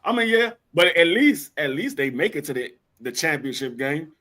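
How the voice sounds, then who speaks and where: A man hosting a casual sports talk stream, joking through animated banter. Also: fairly high pitch, normal speed, slight background noise.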